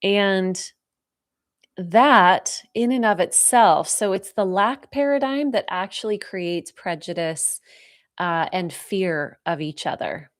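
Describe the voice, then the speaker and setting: A woman giving a live spiritual talk, speaking softly and slowly with heartfelt pauses as she answers viewer questions, moved close to tears. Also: mid-range voice, expressive. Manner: soft, heartfelt, slow and reflective with pauses.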